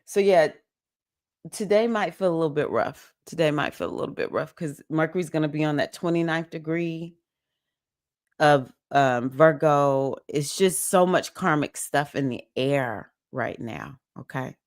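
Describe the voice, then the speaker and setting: A woman's voice: low-pitched, animated, a little slow, dry recording, clean studio sound. A woman hosting a casual livestream, chatty and emotional as she greets viewers by name and talks through the week's astrology. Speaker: livestream host, astrology reader.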